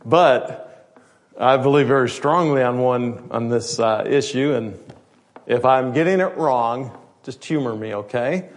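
A man's voice: mid-range voice, a little slow. A male pastor preaching an evening sermon, talking through the text conversationally and putting questions to the congregation.

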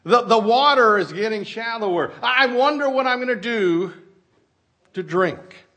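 A man's voice: high voice, expressive, sharp tone, pitched above the performer's own voice. A man voicing the prophet Elijah as a hesitant, worried older man. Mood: musing. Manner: hesitant, halting musing.

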